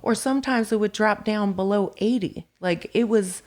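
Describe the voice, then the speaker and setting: A woman guest on a podcast, telling her story in casual chat, lively and full of "like" fillers. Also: mid-range voice, moderate pace.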